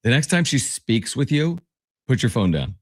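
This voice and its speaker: A man's voice: mid-range voice, big pitch swings, moderate pace, dry recording, clean studio sound. A man co-hosting a sports talk show, chatting casually, joking and laughing often. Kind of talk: casual chat.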